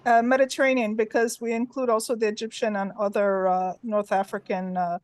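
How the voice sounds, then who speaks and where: A woman's voice: fairly high pitch, level tone, fairly quick, a little hiss or hum. A woman joining a discussion casually, hesitating with fillers as she adds her points.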